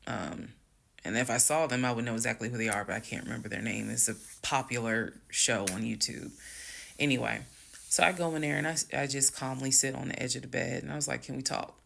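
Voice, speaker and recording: Woman with a bit of fry doing a chatty storytime, frank, goes quiet and calm retelling stuff. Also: rumbling low, fairly quick. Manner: chatty, frank, drops to a calm hush when retelling talk. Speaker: storytime creator. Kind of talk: casual storytime monologue.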